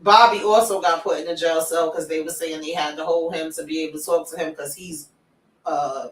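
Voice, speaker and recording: A woman's voice: low voice, fairly even intonation, brisk, roomy sound, distant mic, slight background noise, low-quality recording. A woman hosting a casual TV recap chat, telling the story loosely in slang and reading viewer comments aloud. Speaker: show host.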